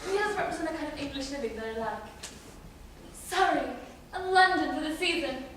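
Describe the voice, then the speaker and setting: A glamorous socialite actress, gushing and dramatic, played by a girl in a school play, with a very high, breathless delivery. The voice comes from far off in a booming hall with clear hiss. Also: expressive, brisk, fairly bright tone. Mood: gossipy. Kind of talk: school stage play acting. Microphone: far camera in audience. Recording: echoey hall, far camera, noisy.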